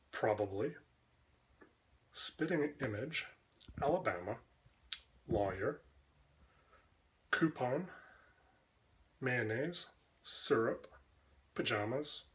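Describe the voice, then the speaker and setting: A Canadian man in a sasquatch persona, reading a word list and answering questions in a deadpan, smart-aleck way. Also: medium pitch, extremely slow, long pauses. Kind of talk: casual accent-tag word list.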